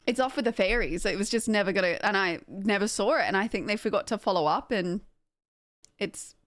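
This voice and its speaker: A young Australian woman streaming games chats brisk and animated to her viewers, rambling, mocking herself, and laughing easily while packing in filler words like "like." Her medium-pitched voice is captured in clean studio sound with no echo.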